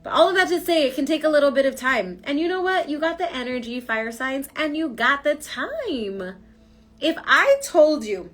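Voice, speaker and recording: A woman's voice: on the high side, fairly bright tone. A woman giving a casual spoken tarot reading, emphatic and slangy, coaching her listeners. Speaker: tarot reader.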